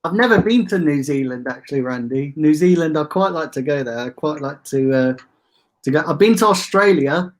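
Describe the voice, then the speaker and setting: A man's voice: fairly high pitch, animated, normal speed. A man hosting a casual livestream, chatting with viewers and reading out their comments with easy banter. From England. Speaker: fan channel host.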